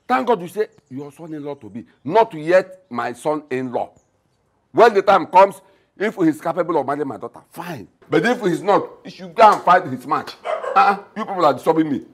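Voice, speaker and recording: A man's voice: fairly high pitch, expressive, normal speed. A scornful blustering father. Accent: Nigerian. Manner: mocking, blustering. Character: scornful older father demanding his food. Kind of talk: Nollywood film acting.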